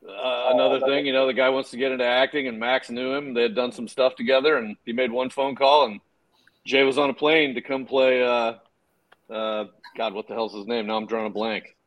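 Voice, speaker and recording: A man being interviewed about his work, telling stories in a relaxed, casual way with fillers and some swearing. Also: mid-range voice, brisk, muffled recording. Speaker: guest filmmaker and actor.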